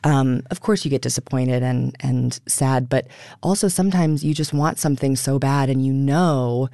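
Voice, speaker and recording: A woman stage actor speaks in an animated, expressive way, slipping into little acted-out quotes. Her voice carries a gravelly edge, and the studio sound is dry and close. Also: a bass voice, normal speed, dry recording. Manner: animated, laughing, acts out quotes. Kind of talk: radio interview conversation.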